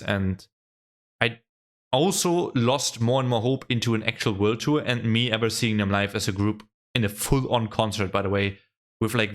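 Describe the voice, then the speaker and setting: A young man hosting a reaction vlog, chatting casually and gushing with excitement, often tossing in "man" and "bro" along with the odd swear word. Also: lowish voice. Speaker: reaction video host.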